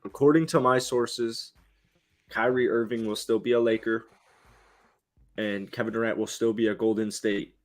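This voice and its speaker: Young male co-host, low voice, goofy deadpan rambler, faint music behind. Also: normal speed. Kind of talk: casual sports chat.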